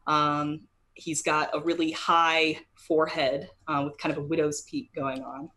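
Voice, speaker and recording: Low-voiced woman running a tabletop game. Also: flat delivery, a little slow, sharp tone. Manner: casual with many fillers. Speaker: game master.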